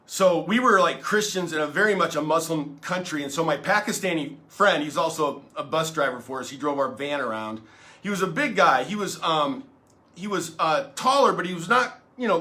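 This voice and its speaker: A man's voice: a little high, pushed and bright. A man pastor giving a casual storytelling sermon, earnest and playful, with many fillers and restarts.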